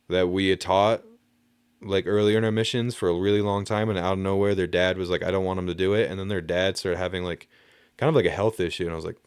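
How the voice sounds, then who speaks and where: A young man tells a story in a relaxed, rambling way, leaning on fillers and dropping the odd swear word. His voice sits on the low side and sounds smooth and resonant. The recording is close and dry. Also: no echo. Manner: laid-back, rambling, heavy on "like" fillers, casual swearing. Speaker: podcast storyteller. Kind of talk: casual storytelling.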